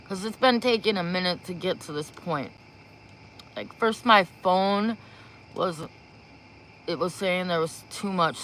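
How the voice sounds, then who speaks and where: Chatting casually into a propped-up phone in a small room, a woman livestreams ahead of giving spiritual readings. Her lowish voice is a bit bright, she speaks slowly with rambling and giggles, and there's slight background noise.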